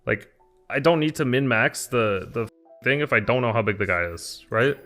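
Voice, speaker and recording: Streaming a card game, this man speaks at a normal speed in an animated, slightly bright medium-pitched voice. His commentary mixes thinking out loud with explanatory answers to chat, and lo-fi music plays faintly underneath.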